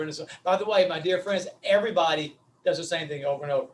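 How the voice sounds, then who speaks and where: Folksy Southern man lecturing, high voice. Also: fast, hardly any pauses, recorded from a distance, rough recording. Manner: folksy, animated, addresses audience as "my friends". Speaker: webinar speaker on vocal delivery. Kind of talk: lively webinar lecture.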